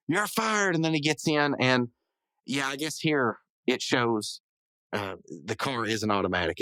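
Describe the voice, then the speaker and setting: A man's voice: medium pitch, fairly bright tone, dry recording, low-quality recording. Rambling man recapping a cartoon. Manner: rambling, self-correcting, full of hedges and asides. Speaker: podcast host. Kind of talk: casual episode recap.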